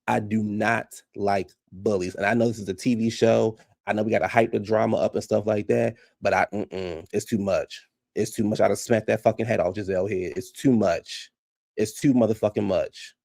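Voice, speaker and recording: A man giving casual, profane reaction commentary on a reality show, blunt and animated, often laughing. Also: on the low side, normal speed, creaky, no echo, studio quality.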